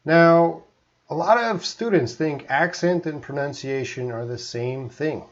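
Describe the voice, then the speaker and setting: A man's voice: mid-range voice, a little slow, highs cut off. A Canadian man, an English teacher, chatting through a live-streamed lesson and reading out viewer comments.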